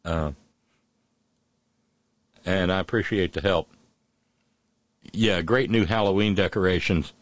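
A man's voice: low-pitched, slow, pauses often, no echo. A man hosting a call-in radio show, talking casually with wry, sardonic asides.

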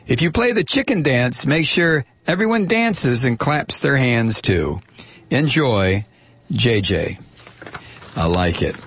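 A man's voice: mid-range voice, a bit bright, husky, no room sound. A man hosting a talk radio show, chatty and opinionated, reading listener mail aloud into a studio microphone.

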